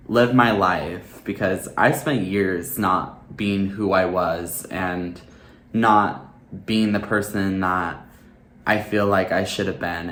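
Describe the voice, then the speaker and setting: A man's voice: low-pitched, fairly bright tone, echoey room. A man speaking earnestly and openly in a personal vlog, reflecting on his year and giving advice. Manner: earnest, open and heartfelt, with filler "like" and "you know". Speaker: vlogger.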